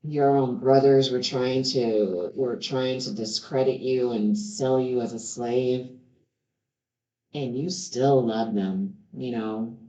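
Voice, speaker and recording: A woman's voice: extremely low pitch, slow pace, dark tone. A woman reading scripture aloud and stopping now and then to add earnest, heartfelt comments of her own. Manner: earnest, stops to react with heartfelt remarks. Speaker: Bible reader. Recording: roomy, slightly dull home recording.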